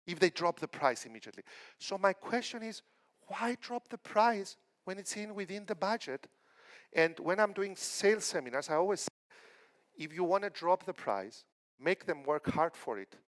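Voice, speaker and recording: A middle-aged man from Cyprus giving a conference keynote, telling stories with acted-out quotes. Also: fairly high pitch. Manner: animated storytelling with acted quotes. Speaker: keynote speaker.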